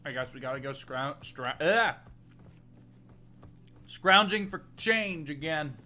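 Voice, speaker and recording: A man's voice: fairly high pitch, lively intonation, normal speed, pushed and bright. A man streaming a video game, commenting frankly with swearing and restarted sentences. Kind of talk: let's play commentary.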